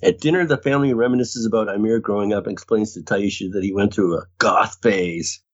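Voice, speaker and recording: Man recapping a show, husky, lo-fi audio. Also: on the low side, fairly quick. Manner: reads recap, laughs often, mimics characters. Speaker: podcast co-host recapping episodes. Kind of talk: casual recap chat. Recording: dull lo-fi audio.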